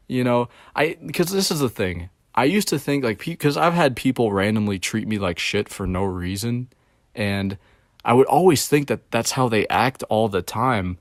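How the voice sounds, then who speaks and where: A man's voice: medium pitch, expressive, moderate pace, no room sound, studio quality. A young man telling a rambling, profane story about his job in casual chat, full of fillers. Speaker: streamer. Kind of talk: casual rant about work.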